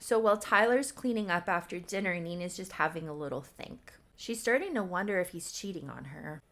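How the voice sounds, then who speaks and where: 30s woman riffing on her old game story, laughs a lot, gravelly fry in the voice. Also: on the low side, animated, fairly quick, fairly bright tone. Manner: chatty, laughing, self-mocking. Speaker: YouTuber. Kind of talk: casual recap commentary.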